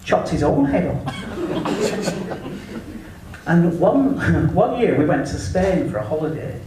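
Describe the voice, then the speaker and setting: A man's voice: fairly high pitch, big pitch swings, slow pace, background noise. A man with an English accent doing a cheeky, crude stand-up comedy set at a live venue. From England. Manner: brash, cheeky storytelling with crude punchlines. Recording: very echoey room, mic at a distance.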